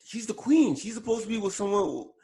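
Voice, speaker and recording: A man's voice: high-pitched, sing-song, fast, mellow. A man co-hosting a podcast, chatting casually about celebrity news with frequent fillers and self-corrections. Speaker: podcast co-host. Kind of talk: casual pop culture chat.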